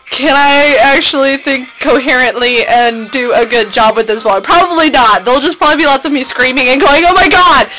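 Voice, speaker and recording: A young woman talking to her webcam at home in an excited, gushing, rambling fangirl vlog. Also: sits high, slight background noise, low-quality recording. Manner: gushing, breathless, rambling with fillers. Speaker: vlogger. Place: home room.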